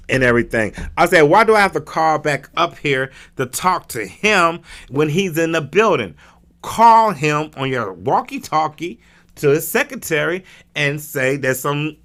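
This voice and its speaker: A man hosting a talk radio stream, telling a personal story in an animated way and acting out the people in it. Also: fairly high pitch. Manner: acts out the people in his story with quick voice changes; emphatic and indignant.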